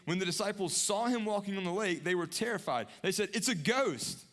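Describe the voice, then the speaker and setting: A young adult man preaching a sermon earnestly, repeating phrases, rising to emphatic peaks and dropping to hushed lows. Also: animated, a little fast. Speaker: pastor.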